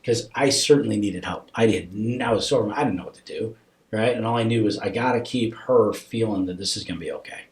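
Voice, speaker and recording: A middle-aged man, a podcast guest, telling a personal story earnestly and emotionally, often sinking into a hushed near-whisper. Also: on the low side, fairly quick, roomy sound. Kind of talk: podcast conversation.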